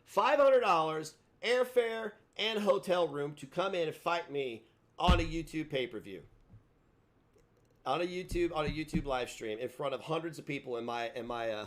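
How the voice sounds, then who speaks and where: A man's voice: fairly high pitch, fairly bright tone. A man hosting a live stream, taunting and mocking a caller in a sarcastic rant.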